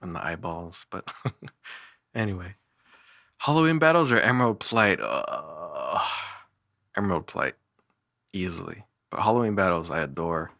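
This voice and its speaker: Young male musician, deep voice, dry close sound, rambling and self-mocking. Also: lively intonation, a little slow, pauses often, pushed and bright, no room sound. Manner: rambling, self-deprecating, frequent fillers and laughs. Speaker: musician reviewing his own songs. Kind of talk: casual solo commentary.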